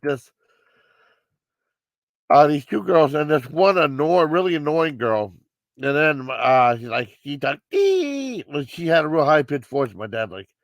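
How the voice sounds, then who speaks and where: A man's voice: fairly high pitch, no echo. A man giving a casual live movie review, rambling with many fillers and restarts.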